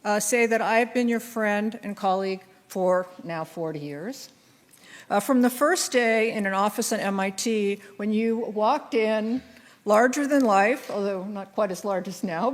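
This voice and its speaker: Woman, 60s, award presenter, formal tribute, hesitant "uh" pauses, reverberant hall. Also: mid-range voice. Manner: reads a prepared tribute with frequent "uh" pauses. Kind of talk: formal award citation speech. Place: large hall on stage.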